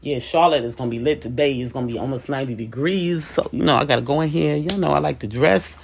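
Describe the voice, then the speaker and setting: Speaking fast in a rumbling low, gravelly voice with a little hiss or hum, a middle-aged business owner offers casual advice directly to the camera. Her delivery is blunt and forceful, and she keeps circling back to the same points.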